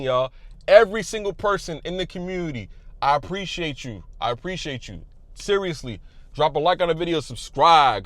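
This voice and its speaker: A man giving a passionate motivational talk to his viewers, loud and emphatic, repeating phrases for weight. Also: a little high, dry recording, clean studio sound. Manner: loud at times. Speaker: YouTube creator.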